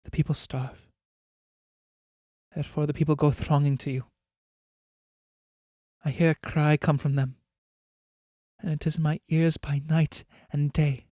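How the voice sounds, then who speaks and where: A man reading the part of a noble, self-sacrificing countess, in a soft and solemn voice. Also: fairly high pitch, flat delivery, a little slow, pauses often, no room sound, studio quality, close to an everyday voice.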